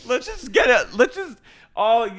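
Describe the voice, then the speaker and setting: A man voicing a tipsy, eager middle-aged woman who keeps pushing her friends to order more wine, shouting with bursts of laughter. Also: sing-song, a little slow, exaggerated voice. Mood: shrill, pushy. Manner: shrill, shouting, breaking into laughter.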